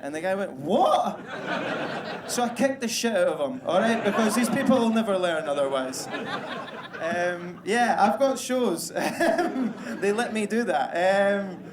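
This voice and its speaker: A man's voice: high voice, expressive, measured pace, noisy background. A Scottish man doing a crude, self-deprecating stand-up comedy set on stage, with the audience laughing behind him. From Scotland. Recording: live room with crowd ambience.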